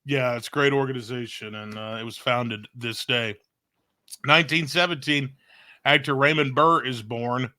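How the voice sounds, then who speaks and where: A man's voice: mid-range voice, fairly even intonation, normal speed, pushed and bright. A man co-hosting a casual talk show, reading out date facts with a joking manner. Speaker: radio morning show co-host.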